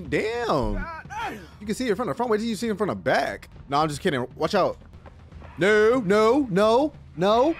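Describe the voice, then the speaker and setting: A man with a fairly high voice talks through a game he is playing, swinging wildly up and down in pitch. He swears freely and yelps or shouts when something startles him. Faint game music plays behind him. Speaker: gaming video host. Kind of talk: let's play commentary.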